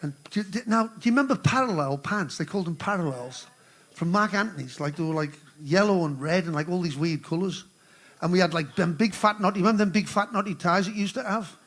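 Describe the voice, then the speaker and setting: A man's voice: sits high, a little fast, a bit bright. An older man, joking and rambling between songs as he hosts a live charity concert on stage. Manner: rambling, swearing, joking with the crowd. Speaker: musician hosting a charity concert.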